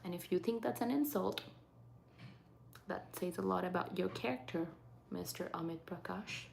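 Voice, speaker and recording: A woman chats her way through a live makeup session, her fairly low voice carrying a gravelly edge. She keeps slipping into soft half-whispers, with a faint hiss of background noise underneath. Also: moderate pace. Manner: chatty, often dropping into soft half-whispers. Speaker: livestreaming makeup host. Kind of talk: casual live makeup chat, reading comments. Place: at home in Saskatchewan.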